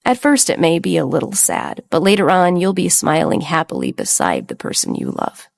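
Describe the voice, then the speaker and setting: A woman voicing a gravely ill young man who speaks gently and solemnly. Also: deep voice, wildly swooping pitch, moderate pace, exaggerated voice. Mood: gentle.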